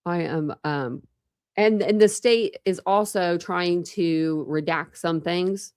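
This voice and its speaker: True crime host, young woman, slightly low voice, dry close sound, tired, rambling chat. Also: slow, a little mellow, clear, resonant tone, dry recording. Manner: rambling, lots of fillers and restarts. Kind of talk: casual livestream chat with viewers.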